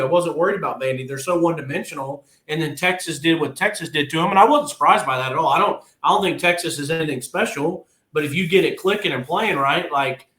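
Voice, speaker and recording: Casting a blunt, frustrated male podcast co-host who chuckles through his rants, slightly high voice, roomy sound. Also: fairly bright tone. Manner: blunt, frustrated, laughs often. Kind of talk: casual sports chat.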